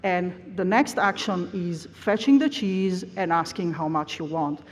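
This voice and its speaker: Speaking unhurriedly in a fairly low pitch, a plenary lecturer addresses an academic conference. Her lengthy explanations are sprinkled with frequent "uh" hesitations, and the large lecture hall adds a long reverb.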